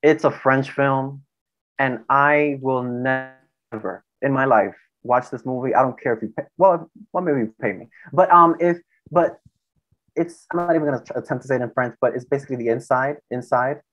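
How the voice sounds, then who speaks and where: An excitable man talks as a podcast guest, retelling plots with sass. His voice sits at a middle pitch, and the recording sounds a little muffled and lo-fi. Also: normal speed. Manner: excitable, sassy storytelling. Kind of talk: casual chat. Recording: slightly dull lo-fi sound.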